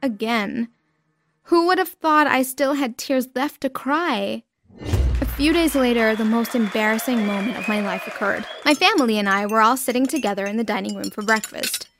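A woman narrating a dramatic first-person story with expressive delivery. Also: on the high side, moderate pace, background noise.

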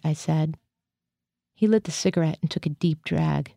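A woman reads a first-person literary story aloud at a steady, measured pace. Her voice is low and mellow, and it is heard close up with a dry sound. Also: vocal fry, no echo. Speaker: reader. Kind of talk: reading literary fiction aloud.

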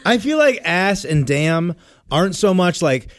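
A man's voice: sits high, unhurried, no room sound. Guy cohosting a podcast, bouncy up and down voice, dry close mic, jokey and rambling. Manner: joking, rambling, animated. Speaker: podcast co-host. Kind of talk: casual chat.

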